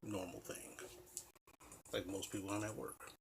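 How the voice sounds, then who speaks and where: A man's voice: lowish voice, little pitch movement, a little slow, a little hiss or hum. A man telling a personal story in a casual, rambling way, full of "you know" fillers and blunt, profane asides. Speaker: vlogger.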